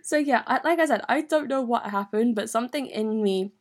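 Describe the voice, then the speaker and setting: A young woman from London with a London accent, telling a personal story in a candid, animated, sweary way full of slang. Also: fairly high pitch, a little fast. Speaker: vlogger. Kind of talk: storytime monologue.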